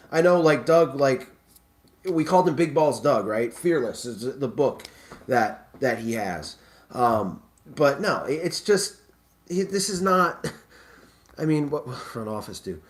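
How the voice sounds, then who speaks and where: A man's voice: a little high, expressive, unhurried. A man hosting a live sports talk stream, rambling and stammering through restarts in casual chat. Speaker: live show host.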